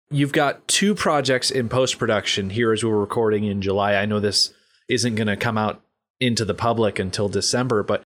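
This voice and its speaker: Conversational interview host, mid pitch. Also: expressive, moderate pace, a bit bright. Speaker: podcast host. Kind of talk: casual interview questions.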